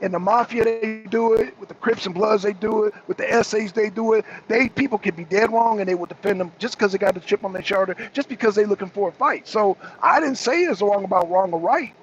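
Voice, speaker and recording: A man's voice: high voice, a little fast, few pauses. A man co-hosting a political talk show, arguing heatedly, repeating himself and mocking the people he is answering. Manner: argumentative, repetitive, mocking. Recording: dull lo-fi stream audio with faint noise.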